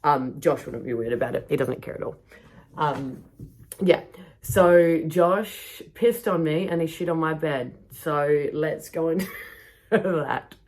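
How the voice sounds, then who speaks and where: A woman's voice: sits low, slow pace, darkish tone. A woman hosting a podcast, telling travel stories casually, swearing freely and laughing often. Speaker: podcast host. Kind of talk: casual storytelling monologue. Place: backyard.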